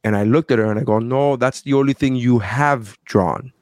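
A man's voice: medium pitch, moderate pace, dry recording, studio quality. A man telling a personal story in casual chat and acting out the people he quotes. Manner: animated, acts out quoted people.

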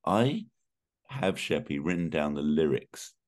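A man co-hosting a casual film podcast, his voice croaky, laughing often as he chats. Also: a bass voice, lively intonation, measured pace. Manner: laughs often, reads lyrics aloud playfully. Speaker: podcast co-host.

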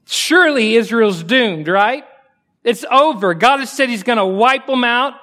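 A male pastor delivers a sermon in a high, light voice. He talks to the congregation conversationally, asking rhetorical questions, and moves from quiet asides up to forceful, emphatic lines. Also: animated, unhurried.

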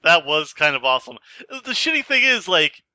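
Podcast co-host: a man, very bright and animated voice, blunt and cursing freely. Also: on the high side, normal speed, no room sound. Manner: blunt, profane. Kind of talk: casual movie discussion.

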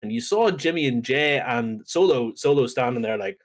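A man on a podcast casually recapping a wrestling show, telling it as a lively story and acting out the lines. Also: medium pitch, moderate pace, hardly any pauses. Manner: animated storytelling, acts out quotes. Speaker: podcast co-host.

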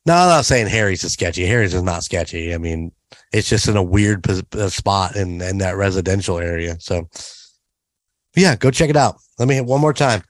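A man's voice: low-pitched, animated, normal speed, no room sound. Chatty man giving restaurant tips. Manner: chatty, enthusiastic restaurant recommendations. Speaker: podcast co-host. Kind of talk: casual chat.

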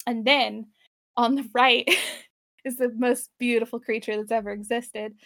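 Young female co-host, high-pitched and bubbly, dry close-mic recap chatter. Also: no room sound. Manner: animated, laughs often, quick asides. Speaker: podcast co-host. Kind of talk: casual chat recapping an episode.

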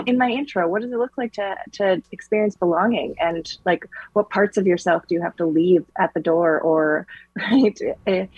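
A woman's voice: lowish voice, a little mellow, breathy edge, no room sound, dull audio. A woman interviewing podcast guests, speaking hesitantly with frequent restarts. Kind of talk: casual conversation.

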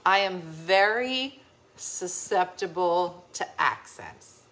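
Tipsy woman from New Jersey, podcast co-host, bright and lively storyteller. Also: on the low side, slow pace. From New Jersey, USA. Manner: animated, laughing storyteller acting out quoted voices. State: a little tipsy. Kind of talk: casual storytelling chat.

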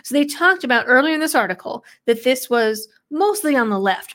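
A woman's voice: sits high, animated, moderate pace, a bit bright. A woman giving sarcastic, skeptical solo commentary, reading quotes from an article aloud and adding her own asides. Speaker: political commentator. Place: New England background.

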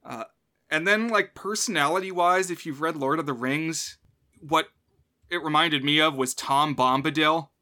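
A man's voice: on the high side, moderate pace, pushed and bright. A man co-hosting a podcast, talking casually about a film and often laughing between remarks. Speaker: podcast co-host. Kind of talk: casual film review chat.

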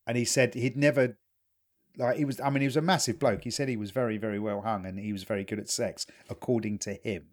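A man's voice: fairly low pitch, fairly even intonation, fast talker. A man co-hosting a podcast, telling rambling anecdotes in casual chat, laughing and restarting as he goes. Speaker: podcast co-host.

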